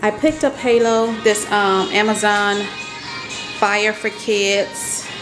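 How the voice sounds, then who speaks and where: A young stay-at-home mom speaks slowly, with fairly even intonation in a mid-range voice, chatting to viewers in a kitchen home vlog. She addresses them directly and says "y'all" often, while loud music plays in the echoey room.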